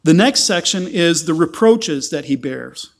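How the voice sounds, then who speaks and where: A man's voice: a little high, lively intonation, measured pace. A man preaching an earnest sermon, often repeating words as he explains scripture. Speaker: pastor.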